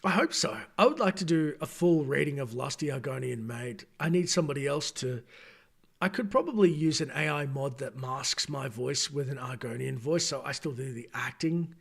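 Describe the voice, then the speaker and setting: A man's voice: mid-range voice, lively intonation, moderate pace, creaky, a bit bright, breathy edge. A man hosting a late-night gaming live stream, talking to chat in a rambling, chatty way and correcting himself as he goes, tired at this hour. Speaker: gaming channel host.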